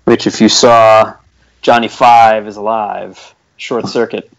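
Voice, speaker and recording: Slow, gravelly man joking around. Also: lowish voice, flat delivery. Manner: joking, laughs often. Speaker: fantasy football podcast co-host. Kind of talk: casual chat during a live draft. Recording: dull lo-fi recording.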